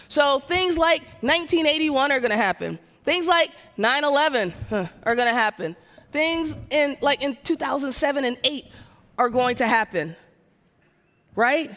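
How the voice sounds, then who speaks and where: This high-voiced woman from the American South is a keynote speaker giving a motivational talk with lots of energy. Her style is conversational, and she keeps peppering the audience with questions. It's recorded in a large event hall with a long, echoing reverb.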